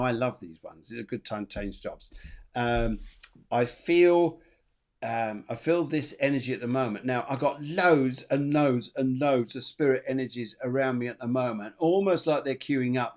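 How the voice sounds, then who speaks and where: Male medium-host, mid-pitched, chatty, repeats himself, laughs easily. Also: normal speed. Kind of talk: live psychic reading show.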